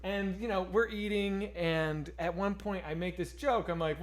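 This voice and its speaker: A man with a notably high speaking voice, co-hosting a casual streamed chat. He tells stories in an animated, excitable rush, swearing freely as he goes. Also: moderate pace. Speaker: podcast co-host.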